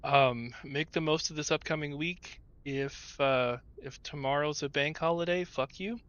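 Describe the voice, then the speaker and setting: A man's voice: a little high, unhurried, a bit bright, smooth, no echo. A man streaming a game, signing off casually to his viewers in a rambling, affectionate way with plenty of filler words. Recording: muffled lo-fi audio with faint music. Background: faint background music.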